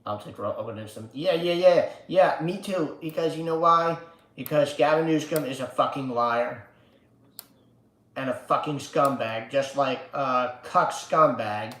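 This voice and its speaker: Slow, profane man ranting on a livestream. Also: mid-range voice, fairly bright tone, roomy sound. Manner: slow, profane, chanting slogans. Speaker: livestream host. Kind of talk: casual political livestream rant.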